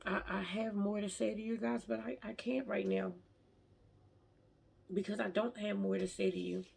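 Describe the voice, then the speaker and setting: A woman's voice: medium pitch, fairly even intonation, moderate pace, gravelly, darkish tone, husky. A woman talking emotionally and from the heart in a personal faith vlog, often restarting her sentences. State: tearful at times. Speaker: vlogger.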